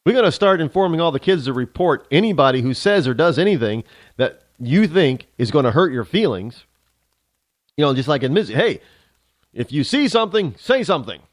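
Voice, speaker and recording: A man's voice: a little high, animated, brisk, dry recording, clean studio sound. A male talk show host delivering a sarcastic, ranting opinion monologue, switching into mock voices.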